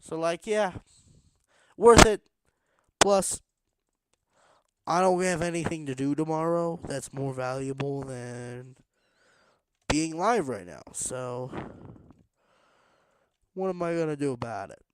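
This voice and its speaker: A man's voice: fairly high pitch, expressive, takes it slowly, long pauses, slight background noise. A man streaming a block-building game late at night, rambling to himself in a tired, casual way while he builds. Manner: rambling, self-talking, tired but pushing energy.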